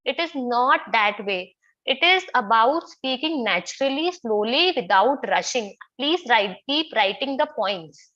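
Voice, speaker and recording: A woman with an Indian English accent leads an online public speaking class. Her voice is high and bright, and she keeps asking questions and repeating her points. The sound comes through as a slightly dull, lo-fi video call. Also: expressive, unhurried.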